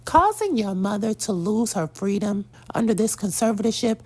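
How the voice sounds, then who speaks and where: A woman's voice: medium pitch, very animated, normal speed, darkish tone, breathy edge. A woman giving blunt, sassy celebrity gossip commentary, preaching and calling out to "girl" and "y'all".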